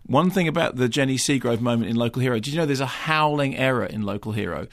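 Gravelly, fast-talking male radio co-host. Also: mid-range voice. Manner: animated, quick anecdotes with put-on voices. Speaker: film critic co-host. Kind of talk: casual radio chat. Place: radio studio.

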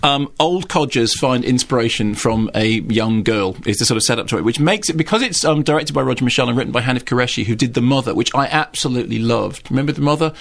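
A man's voice: medium pitch, animated, fast, creaky, few pauses, fairly bright tone. Guy doing film reviews on radio, emphatic and opinionated, repeats himself when he gets going. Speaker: film critic. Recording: radio studio.

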